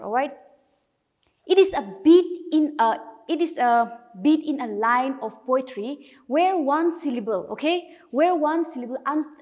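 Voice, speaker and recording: A woman's voice: high voice, darkish tone, big-room sound. A woman teacher giving a recorded lesson, explaining patiently and often checking in with the class.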